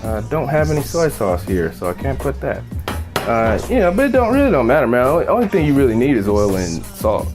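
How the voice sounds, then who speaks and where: Over music, a man with a mid-range voice and wildly swooping pitch talks a little fast as he hosts a relaxed home cooking demo. At the stove he curses freely and wanders off into a joke, a laid-back storyteller.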